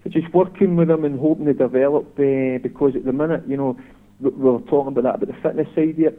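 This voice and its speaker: A man's voice: mid-range voice, steady tone, fast talker. A middle-aged Scottish man calling in, a former footballer telling stories in a reflective, chatty way. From Scotland. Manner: reflective storyteller. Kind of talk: casual chat. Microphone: phone. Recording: tinny phone line.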